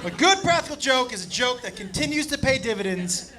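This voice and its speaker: A man doing stand-up comedy, telling a story in an excitable, profane, animated way. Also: extremely high pitch, brisk. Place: comedy club stage. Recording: live club, loud crowd and noise. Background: audience laughter and noise.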